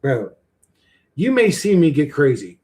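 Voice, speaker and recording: A man's voice: on the high side, wildly swooping pitch, unhurried, warm tone. Profane, rambling man on a livestream. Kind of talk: casual livestream rant.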